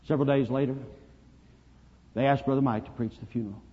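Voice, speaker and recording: A man preaching a sermon, telling a story dramatically and swinging from hushed to loud. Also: mid-range voice, fairly even intonation, fast, breathy edge. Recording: dull lo-fi recording, long reverb.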